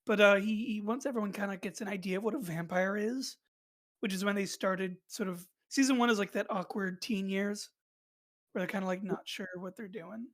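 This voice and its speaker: A woman's voice: medium pitch, steady tone, normal speed. A woman hosting a podcast in casual chat, rambling with many fillers and restarts. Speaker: podcast host.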